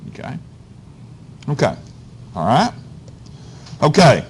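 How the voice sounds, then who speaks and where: A man's voice: medium pitch, huge pitch swings, takes it slowly, slightly rough. A male physics teacher, lecturing a class in a folksy, coaxing way and checking in constantly with "okay?" and "all right?". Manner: folksy, coaxing, talks straight to students.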